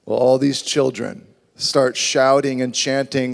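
A man preaching a sermon as a pastor, animated, acting out voices in his story. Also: mid-range voice, slow pace, creaky. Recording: long reverb of a large hall.

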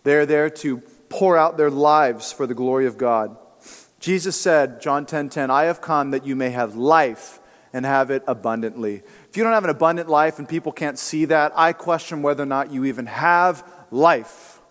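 A man's voice: a little high, normal speed. Man preaching in a reverberant hall. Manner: conversational, emphatic preaching with asides. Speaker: pastor. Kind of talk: sermon. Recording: long reverb of a church hall.

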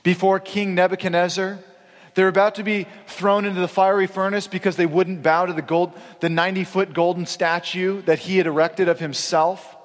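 A man's voice: high-pitched, level tone, normal speed, big-room sound. A man pastor preaching a sermon in a conversational, emphatic way, acting out quoted speakers.

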